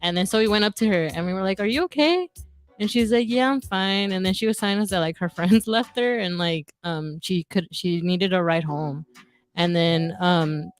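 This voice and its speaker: A woman's voice: fairly low pitch, steady tone, normal speed, faint music behind. A young woman co-hosting a casual podcast, easygoing and slangy, laughing often as she tells stories. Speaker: podcast co-host.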